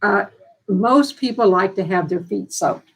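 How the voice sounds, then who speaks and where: Speaking unhurriedly in a mid-range voice, a woman hosts a live stream about caring for someone with dementia. The recording is rough. Her manner is earnest and homespun, and she frequently circles back and restarts her sentences as she works through her thoughts.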